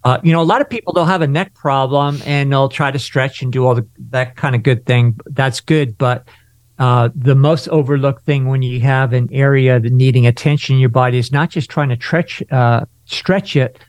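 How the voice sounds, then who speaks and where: A man speaking as a guest on a talk radio show, explaining things in a measured way. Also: medium pitch, fairly even intonation, no room sound. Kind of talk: casual talk radio chat.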